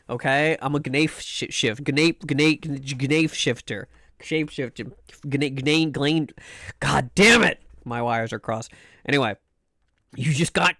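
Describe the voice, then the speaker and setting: A man's voice: a little high, dry recording, studio quality. A man streaming live, greeting chat in a sing-song chant and rambling playfully, often stammering and repeating words.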